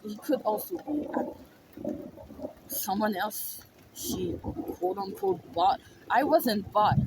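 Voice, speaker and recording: A woman's voice: mid-range voice, background noise. A woman telling a personal story in a raw, emotional, profane way.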